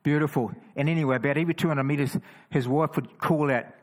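A man with a New Zealand accent, casually telling stories of walking the roads with a cross, full of quick restarts and chatty asides. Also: fairly high pitch, low-quality recording. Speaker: cross-carrying Christian walker. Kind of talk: casual storytelling testimony.

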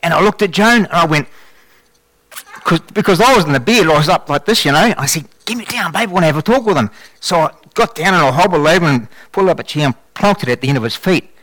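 A man telling a faith testimony in a sermon, with animated storytelling and frequent restarts. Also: fairly high pitch, fast talker, no room sound. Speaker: lay preacher giving testimony.

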